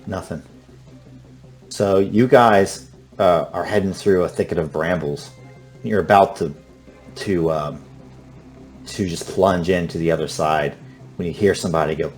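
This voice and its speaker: A man running a tabletop horror game as game master. His voice is very low, and his narration stays hushed and unhurried, often restarting mid-phrase. A faint music bed runs beneath him.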